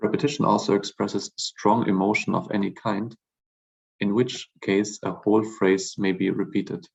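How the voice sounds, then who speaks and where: A man's voice: on the low side, little pitch movement, vocal fry, darkish tone, slightly rough, highs cut off. A man teaching a language class, reading out words one by one, repeating each and giving its meaning. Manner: repeats each word slowly, then glosses it. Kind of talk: lecture reading vocabulary aloud.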